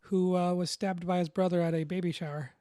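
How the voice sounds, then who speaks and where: A woman co-hosting a casual podcast, speaking plainly with deadpan wisecracks. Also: fairly low pitch, brisk, dry recording, studio quality. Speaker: podcast co-host. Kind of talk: casual chat.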